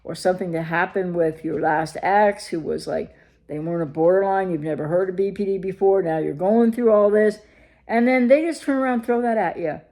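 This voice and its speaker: A woman's voice: lowish voice, a little fast, warm tone. A woman recovery coach talking straight to her viewers, emphatic and full of rhetorical questions. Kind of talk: direct-to-camera advice talk.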